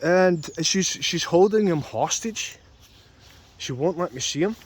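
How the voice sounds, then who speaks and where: A man's voice: high voice, animated, a little slow, breathy edge. A young man ranting angrily and repetitively about a custody dispute, swearing often. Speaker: vlogger. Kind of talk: angry personal rant.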